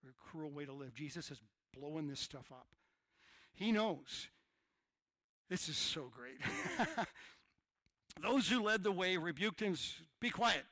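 A middle-aged male pastor preaching a sermon, swinging from hushed asides to shouted lines. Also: on the high side, a little slow, no room sound.

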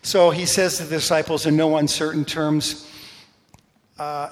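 An animated preacher in a reverberant hall. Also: male voice, a little high. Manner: energetic, emphatic, quick asides with laughter. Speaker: pastor. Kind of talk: sermon. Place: church sanctuary. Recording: long reverb of a large hall.

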